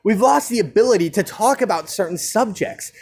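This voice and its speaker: High-voiced man ranting. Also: expressive, fairly quick, a little mellow, slightly rough. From United States. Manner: impassioned, rhetorical questions, restarts. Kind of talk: solo rant.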